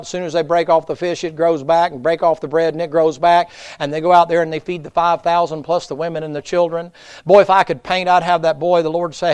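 A man's voice: high-pitched, clear, resonant tone. A man preaching a folksy revival sermon, telling Bible stories and acting out the voices. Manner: homespun storytelling, acts out voices in Bible stories. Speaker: guest preacher. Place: church sanctuary.

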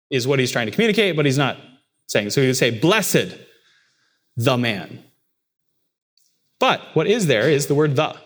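A man preaching a sermon as pastor, his delivery swinging between quiet, heavy low stretches and raised, emphatic lines.

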